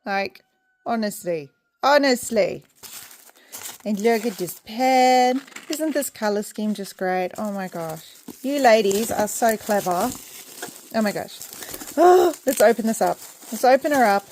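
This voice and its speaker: A young woman with an Australian accent, chatting excitedly while unboxing her small business order at home. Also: a little high, a little slow, slight background noise. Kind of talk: casual unboxing vlog. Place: home indoors, rain and roosters outside.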